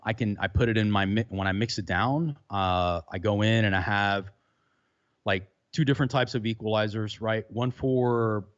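A man's voice: lowish voice, normal speed. Man talking loosely over a dull remote line. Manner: loose, rambling with many fillers. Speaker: podcaster guest. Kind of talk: casual chat. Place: home room with some reverb, remote.

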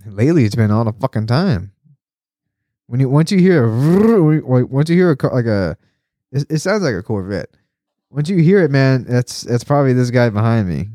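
Profane rambling guy with a dark voice. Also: mid-range voice, moderate pace, dry recording, clean studio sound. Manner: profane, rambling, laughs often, animated when complaining. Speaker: podcast host. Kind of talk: casual chat.

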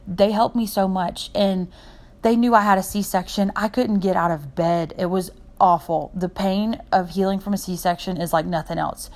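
Speaking in a mid-range, somewhat dark voice, a young woman hosting her podcast rambles through an unscripted personal monologue. She's heartfelt and jumps between points as she goes.

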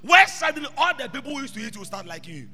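A man preaching a sermon as an apostle, shifting between quiet asides and shouted proclamations. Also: very high voice, big pitch swings, very fast. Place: church hall. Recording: reverberant church hall with music behind.

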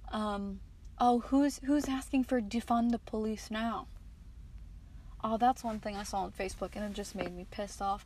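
Solo podcast host, American woman, late teens, slightly higher pitch, loose and profane, lots of restarts, recording from a car. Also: rough recording. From United States. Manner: candid, swearing, rambling with restarts. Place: inside a parked car.

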